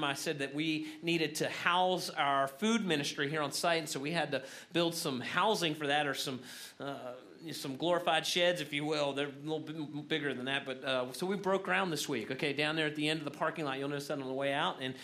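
A man's voice: on the high side, sharp tone. A male pastor preaching at an evening church service in a casual, conversational way, with many fillers.

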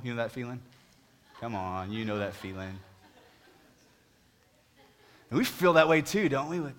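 A man preaching a sermon, pleading with the congregation, moving from booming emphasis to hushed appeals. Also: fast. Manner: talks to the congregation directly with questions. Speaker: pastor.

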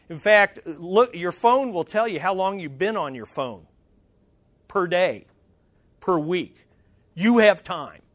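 Middle-aged male pastor, high-pitched voice, casual and emphatic sermon delivery, repeats key phrases. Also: a bit bright.

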